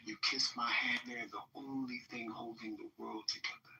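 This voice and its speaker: A man reciting a love poem in a soft, slow, intimate way. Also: medium pitch, flat delivery, vocal fry, distant mic.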